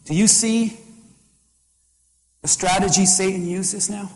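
High-pitched male pastor delivering a fervent, repetitive sermon in a reverberant hall. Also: steady tone, slow pace. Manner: impassioned, repetitive preaching cadence.

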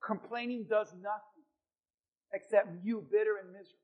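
High-voiced preaching pastor, dramatic. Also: male voice, fairly even intonation, normal speed, muffled recording. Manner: dramatic preaching, shouts when acting out prayers. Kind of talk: sermon.

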